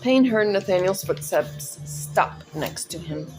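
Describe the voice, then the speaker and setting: A woman's voice: medium pitch, lively intonation, slow pace, music in the background. A woman reading her own story aloud in a casual, chatty way, breaking off into personal asides and laughing at her stumbles.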